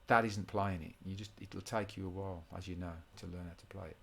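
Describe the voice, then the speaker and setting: A man's voice: deep voice, steady tone, brisk, vocal fry, a bit bright, slightly rough. A man teaching a guitar rhythm lesson in an informal way, often restarting his sentences and counting beats aloud.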